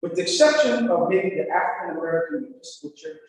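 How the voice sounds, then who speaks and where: A man's voice: high voice, lively intonation, quick pace, far from the mic. A male pastor teaching in an emphatic, repetitive, folksy preaching manner. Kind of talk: sermon-style teaching talk. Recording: very echoey church hall, heard from afar.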